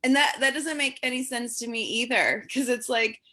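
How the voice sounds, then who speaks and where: A woman's voice: fairly high pitch, normal speed, pushed and bright. A young woman doing stand-up comedy, telling stories in a casual, sardonic way and acting out the people in them. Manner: casual, sardonic storytelling with acted quotes. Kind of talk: stand-up set on a comedy show.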